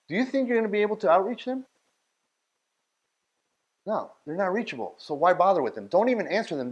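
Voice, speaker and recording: A man leading a workshop, talking bluntly and directly and often checking that his listeners follow. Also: sits high. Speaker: outreach workshop leader. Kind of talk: workshop talk.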